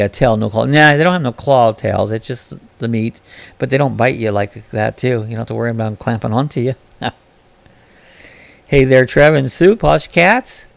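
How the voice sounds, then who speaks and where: A man with a gravelly, creaky voice hosts a relaxed live-stream chat, reading out viewers' comments and answering them one by one. He talks at a middle pitch in a loose, chatty way. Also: no echo. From Florida.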